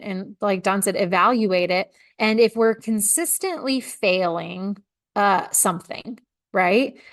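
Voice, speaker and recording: A woman co-hosting a workplace podcast, explaining research earnestly with a touch of sarcasm. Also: medium pitch. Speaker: podcast co-host, consultant. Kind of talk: casual podcast discussion. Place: shared office.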